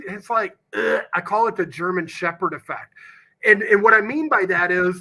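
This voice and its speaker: A man's voice: high-pitched, moderate pace, bright, forceful tone. A man being interviewed on a podcast, talking passionately and emphatically about real estate deals, with a salesman's punch and the odd casual swear. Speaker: guest, real estate investor.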